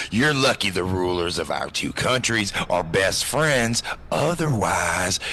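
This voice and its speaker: An actor playing a blunt, rude immigration officer who reads out paperwork. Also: male voice, low voice, bright, forceful tone, a little hiss or hum, exaggerated voice.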